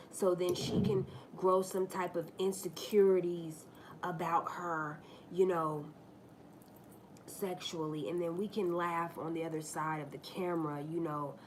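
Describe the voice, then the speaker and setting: Casual woman livestream host, slow deliberate rant, cusses freely, repeats herself. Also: on the low side, slight background noise. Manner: blunt, profane, mocking storytelling; repeats herself and restarts lines.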